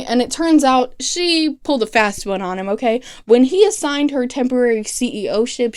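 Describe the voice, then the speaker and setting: A woman recapping a TV series in casual chat, animated and sarcastic, swearing freely and mimicking characters in quick asides. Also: fairly high pitch. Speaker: TV recap vlogger.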